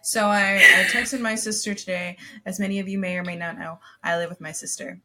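A young woman co-hosting a podcast in relaxed, casual chat. She tells stories with plenty of fillers and laughs easily. Her voice is bright and forceful, at a middle pitch. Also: fairly quick. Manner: chatty storyteller, laughs often, many fillers. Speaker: podcast co-host.

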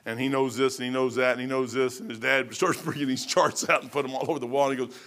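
A man's voice: mid-range voice, fairly even intonation, a bit bright. An older man preaching a sermon in a folksy, rambling way, acting out the people in his stories. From Kentucky. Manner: folksy, rambling, acts out Bible figures in quick voices.

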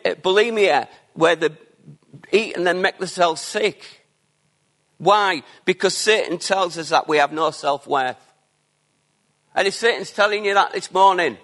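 A preacher from delivers his sermon in a somewhat high-pitched male voice. He builds earnestly to emphatic declarations, then drops into softer, quieter asides to the congregation.

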